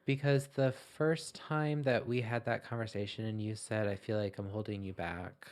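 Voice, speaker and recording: A man co-hosting a podcast in casual chat, talking earnestly and haltingly, often restarting his sentences. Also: on the low side, fairly even intonation. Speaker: podcast co-host.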